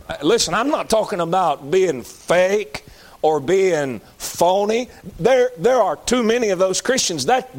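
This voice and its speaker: Lively, folksy Southern preacher. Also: male voice, sits high. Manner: animated, folksy, emphatic, sometimes shouting. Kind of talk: sermon.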